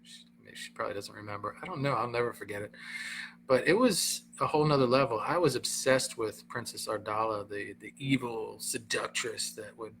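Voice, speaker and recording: A middle-aged man, a comedian and host, casually telling a personal story in an animated way, acting out the other people's voices. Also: mid-range voice, brisk, a little hiss or hum. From Southern Florida. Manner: animated, acts out quoted voices, frequent laughter.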